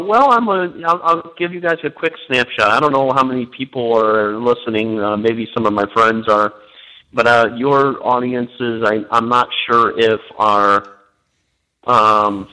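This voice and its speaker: A man's voice: mid-range voice, sharp tone, poor audio. A man, a guest minister, chatting on a talk show over the phone, hesitant with many fillers and given to joking. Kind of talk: casual chat on a talk show.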